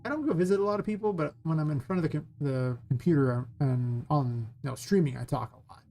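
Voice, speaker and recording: A man from California with a Californian accent, chatting casually and rambling quickly while streaming game development. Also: a little high, mellow, slight background noise. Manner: fast, rambling talker.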